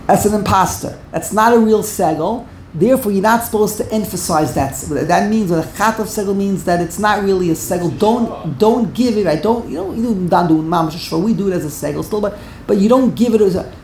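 A woman's voice: mid-range voice, a little mellow, slight background noise. Emphatic woman teaching in an echoey room. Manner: emphatic, repeats words while correcting pronunciation. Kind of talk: Torah grammar class.

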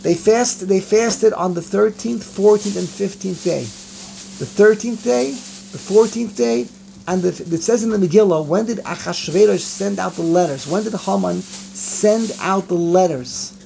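Gravelly-voiced man teaching a Torah class. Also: high voice, measured pace. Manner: animated teaching, repeats phrases, mixes Hebrew and Yiddish words. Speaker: rabbi teaching. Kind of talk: Torah class on the Passover Haggadah.

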